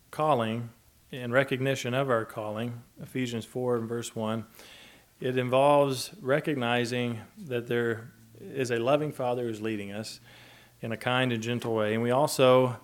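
A man preaching a sermon in a gentle, conversational way, chuckling often as he talks. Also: medium pitch, steady tone, a little slow. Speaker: pastor.

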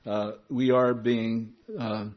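A man's voice: mid-range voice, flat delivery, takes it slowly. A man giving informal Bible teaching in a conversational way, repeating key words and adding chuckling asides. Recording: dull lo-fi recording.

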